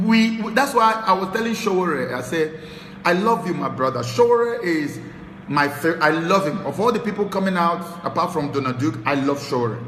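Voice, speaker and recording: A Nigerian man hosting a talk show, giving impassioned political commentary that swings from low muttering to shouted tirades. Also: echoey room, big-room sound, slight background noise. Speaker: show host.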